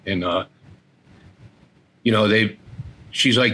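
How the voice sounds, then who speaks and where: A middle-aged man speaks with a husky, slightly breathy voice at a medium pitch. He talks as an interview guest, telling a personal story in a halting way, repeating words and acting out what his family said. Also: bright, forceful tone, poor audio.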